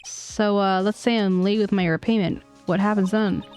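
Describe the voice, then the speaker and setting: A woman's voice: medium pitch, steady tone, normal speed, darkish tone, soft background music, natural voice. Woman reading as a wry young male lawyer. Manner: dry sarcastic asides. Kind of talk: reading game dialogue aloud.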